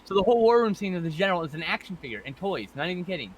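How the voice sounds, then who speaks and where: A man's voice: high-pitched, sing-song, very fast, crowd noise, low-quality recording. A Canadian man hosting a podcast in casual chat, rambling and profane, often trailing off mid-sentence. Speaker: podcast host.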